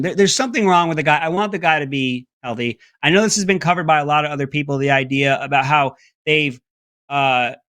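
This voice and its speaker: A man's voice: a bit bright, no echo, studio quality. A man hosting an opinionated political commentary segment, talking in a mocking, sarcastic way. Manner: mocking, breaks into high mimicking voices.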